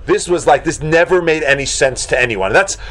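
A man leads a Talmud class for students, speaking casually with lots of fillers and acting out shocked exclamations in an animated way. His voice sits fairly high and moves at a brisk clip.

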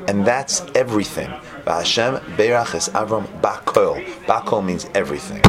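Animated male Torah teacher, live audience. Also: lowish voice, moderate pace, a crowd in the background. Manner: animated, repetitive, storytelling preacher.

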